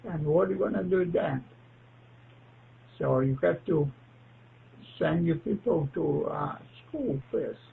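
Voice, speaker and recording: A man, a ham radio operator, chatting slowly and haltingly on air with lots of pauses. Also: on the high side, creaky. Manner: slow, halting, with frequent pauses and fillers. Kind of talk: casual on-air chat. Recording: tinny radio transmission with faint hiss.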